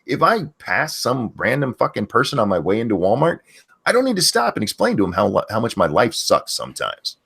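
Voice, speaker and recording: A man's voice: mid-range voice, huge pitch swings, fairly quick, creaky, a bit bright, slightly rough. A man hosting a livestream, ranting bluntly and swearing a lot. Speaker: channel host. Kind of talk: profane ranting commentary on a stream.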